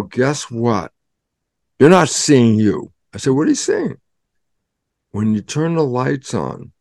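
A man's voice: mid-range voice, gravelly, a little mellow, no echo. Older male guest, dramatic explainer who acts out his own conversations, dry mic. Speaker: guest scientist. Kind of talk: animated storytelling explanation.

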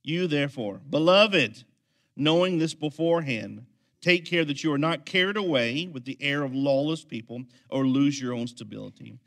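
A man preaching a sermon as pastor, swinging from quiet, intense lines to loud, energetic ones. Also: mid-range voice.

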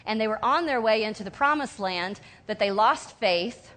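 A woman preaching a sermon in an animated way, acting out whiny voices and sobs now and then. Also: medium pitch, moderate pace. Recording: long hall reverb.

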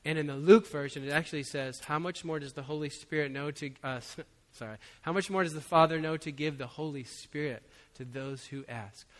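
Bright-voiced pastor in a reverberant hall. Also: male voice, a little high, a little fast, hardly any pauses. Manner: conversational, chuckling, frequent "you know". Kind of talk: sermon with personal story.

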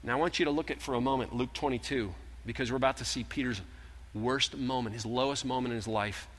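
A man preaching a sermon as a pastor, telling a story earnestly, sometimes emphatic and sometimes hushed. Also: medium pitch, fairly even intonation, fast. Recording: long hall reverb.

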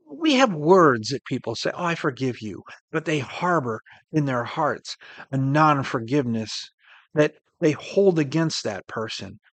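A man delivers an earnest sermon in a voice pitched a little high. He swells up on key points and drops to a soft hush, and the sound is close and dry with no room behind it. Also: sing-song, a little slow, dry recording. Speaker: preacher.

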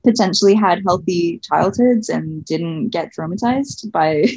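A woman chatting casually in a relaxed way, sharing her own experiences with frequent fillers. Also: lowish voice, a little slow, breathy edge. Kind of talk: casual chat.

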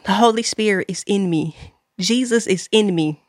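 A woman hosts a faith podcast. She speaks earnestly, repeating her key lines with a preacher's emphasis. Her voice sits at a middle pitch, close and dry with no room sound. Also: moderate pace, dry recording. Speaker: podcast host. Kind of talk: faith-based exhortation.

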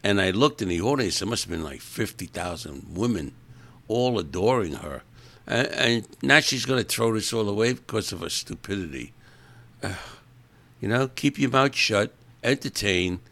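A man's voice: fairly low pitch, lively intonation, normal speed, a bit bright. A man hosting a podcast, talking in a casual, rambling monologue, opinionated and grumbling. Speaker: podcast host.

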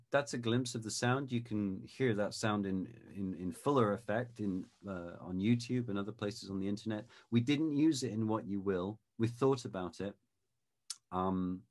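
A man talking as an expert guest in a video-call interview, explaining in a thoughtful, measured way and demonstrating sounds. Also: fairly low pitch. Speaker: guest expert on Shakespeare pronunciation.

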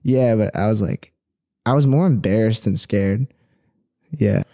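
A man's voice: on the low side, measured pace, vocal fry, warm tone, no room sound, studio quality. A young man chatting casually as a podcast guest, rambling with lots of "like" and "dude". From Philippine heritage.

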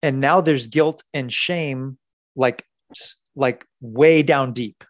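A man coaching on a podcast, animated and repeating words for emphasis as he acts out conversations. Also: medium pitch, takes it slowly, no echo.

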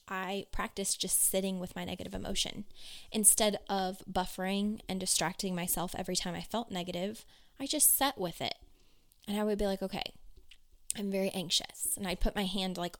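A young woman, a pediatric occupational therapist, talking earnestly and reflectively straight to the listener in a casual self-help talk. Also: medium pitch.

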